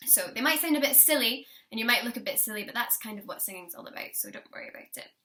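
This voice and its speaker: A young woman teaching a singing lesson, encouraging her students and demonstrating warm-up lines for them to copy. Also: a little high, animated, fast.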